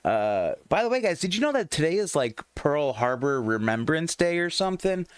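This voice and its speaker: A man's voice: on the high side, sing-song, moderate pace, smooth, no room sound. A man hosting his own morning livestream from a home computer, talking in a rambling, chatty way and often restarting his sentences. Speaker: livestream morning show host. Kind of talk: casual live stream chat. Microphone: desktop microphone at a computer.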